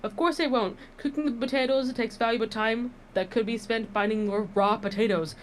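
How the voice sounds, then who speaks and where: A woman's voice: a little high, steady tone, a little fast, a little hiss or hum, lightly acted. A woman voicing a boastful young female monster warrior in a dating game, bubbly and full of slang. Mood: chatty.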